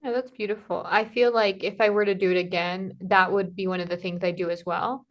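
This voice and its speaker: A woman in casual conversation, telling a personal travel story in a lively way, acting out what people said to her and filling her talk with "like". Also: mid-range voice, brisk, muffled recording. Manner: animated, acts out quoted dialogue, many "like" fillers. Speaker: podcast guest, Camino pilgrim.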